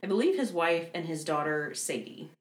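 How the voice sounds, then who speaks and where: A woman's voice: low voice, lively intonation, moderate pace, reverberant. A woman in her thirties hosting a podcast, telling a haunted history story in casual chat, with lots of fillers. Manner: chatty, many fillers, laughs easily.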